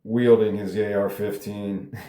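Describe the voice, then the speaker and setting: A man's voice: lowish voice, level tone, measured pace, mellow. A man reading his own script aloud in a table read, commenting in a rambling, casual way and swearing now and then. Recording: roomy echo.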